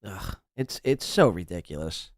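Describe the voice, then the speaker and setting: A man's voice: low voice, measured pace, dry recording. Guy hosting a live stream, mocking, voice swings up and down a lot, dry sound. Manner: mocking, animated banter. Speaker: podcast host. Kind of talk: live stream chat reading donations.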